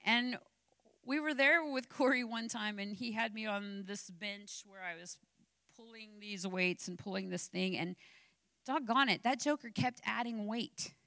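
A woman's voice: mid-range voice, measured pace, dry recording. A middle-aged woman delivering a sermon on a podcast, mixing personal stories with impassioned encouragement. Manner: animated preaching with personal anecdotes, rising to impassioned exhortation.

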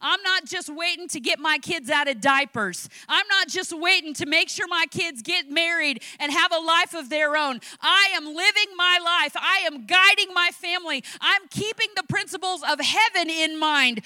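A woman's voice: high-pitched, dry recording. A middle-aged woman delivering a sermon on a podcast, mixing personal stories with impassioned encouragement. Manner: animated preaching with personal anecdotes, rising to impassioned exhortation.

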